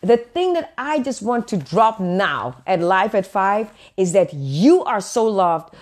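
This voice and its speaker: A woman's voice: fairly high pitch, darkish tone. A woman. She is earnest and encouraging, and she drives her points home by repeating phrases. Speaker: preacher. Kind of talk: live-streamed sermon. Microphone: webcam or phone on a live stream.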